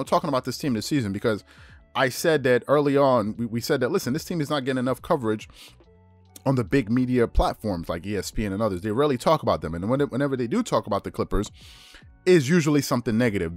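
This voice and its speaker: A man hosting a sports talk show, chatting casually with quick, repetitive restarts. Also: mid-range voice, no room sound. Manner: fast, chatty, repeats and restarts phrases. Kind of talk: casual sports commentary monologue.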